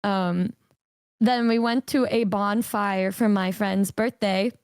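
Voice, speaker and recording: A young woman telling a long personal story on a stream, animated and swearing casually, jumping into a higher voice for quotes. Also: slow, clear, resonant tone, no room sound, studio quality.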